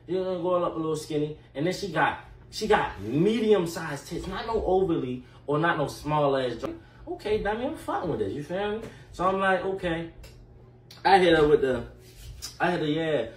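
A man telling a casual storytime in an animated, slangy way full of fillers and profanity. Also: on the high side, moderate pace. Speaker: storyteller vlogger. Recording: echoey room, mic at a distance, faint noise.

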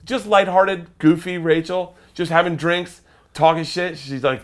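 A man, a comedian guest, telling animated profane stories and acting out the other people's voices. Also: on the high side, fairly quick. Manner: lively, profane, acts out voices. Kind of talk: animated storytelling.

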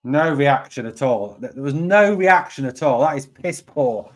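A man's voice: medium pitch, lively intonation, moderate pace. A man hosting a live fan stream, reacting to a match result. He sounds angry and deflated, repeats himself and swears a lot. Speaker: fan channel host.

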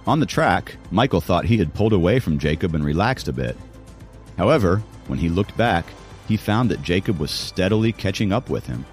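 A man's voice: deep voice, expressive, fairly quick, soft background music. A man narrating an audiobook in a dramatic storytelling manner. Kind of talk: scripted narration.

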